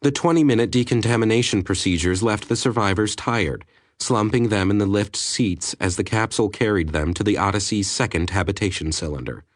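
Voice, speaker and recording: Male narrator, low voice, dry close mic, measured audiobook reading. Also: no echo. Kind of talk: scripted narration.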